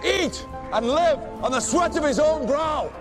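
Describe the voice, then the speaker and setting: An actor playing a defiant medieval man, declaiming before a king in a film clip, rising to a shout. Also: very high-pitched, animated, a little slow, over music, heavily acted.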